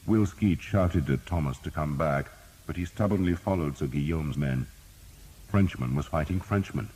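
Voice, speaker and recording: A man narrating a historical battle audiobook in steady, measured storytelling. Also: very deep voice, husky, poor audio.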